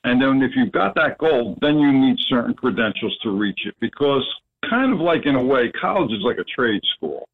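Caller guy on the phone, earnest, lots of um's, tinny line, middle pitch. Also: big pitch swings, breathy edge. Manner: earnest, halting, with many fillers. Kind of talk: phone-in call. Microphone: telephone.

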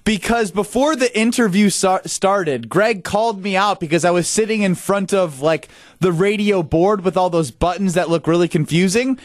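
A man's voice: sits high, normal speed, no room sound. A man co-hosting sports radio, talking in a self-deprecating, defensive, laughing way into a studio microphone.

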